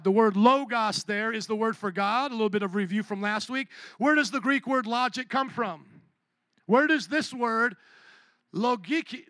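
High-voiced, bright preaching man. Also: no echo. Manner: animated preaching with call-and-response questions. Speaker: pastor. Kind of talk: sermon.

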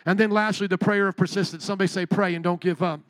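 A pastor preaching a sermon at a church service, energetic and playful, calling out to the congregation and repeating key phrases for them to answer. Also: male voice, high voice, fast talker, no echo. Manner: energetic call-and-response preaching, playful asides.

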